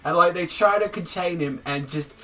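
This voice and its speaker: A man casually recapping a manga chapter, rambling and excitable, swearing a lot and filling his talk with "like". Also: fairly high pitch, normal speed. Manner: rambling, profane, heavy use of "like", excitable. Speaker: manga reviewer.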